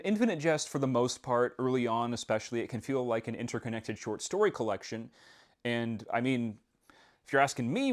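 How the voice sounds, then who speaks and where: Young man, book-review host, casual monologue, wry and self-deprecating, very lively pitch, middle voice.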